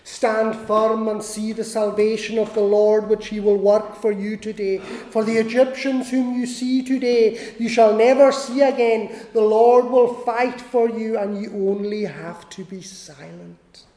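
Preacher, measured sermon pace, mellow tone, repeats phrases for emphasis; echoey hall with long reverb. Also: medium pitch, fairly even intonation. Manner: repeats key lines for emphasis.

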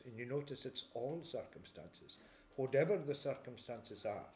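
A man's voice: mid-range voice, animated, a little mellow. Man preaching in an echoey church. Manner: measured expository preaching, reading scripture aloud slowly; clears throat often. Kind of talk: sermon.

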